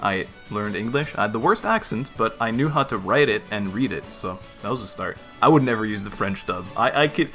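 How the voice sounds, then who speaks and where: A man's voice: fairly low pitch, lively intonation, brisk, few pauses, a bit bright, soft background music. A man from the Netherlands, a YouTuber answering viewer questions in a casual chat, laughing easily and poking fun at himself. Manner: chatty, laughs easily, self-deprecating.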